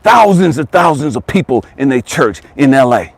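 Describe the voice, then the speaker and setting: A sing-song delivery marks this life coach's passionate, foul-mouthed motivational speech, given at normal speed in a medium-pitched, breathy voice. He repeats lines for emphasis and shifts from booming to quiet, on a dry recording.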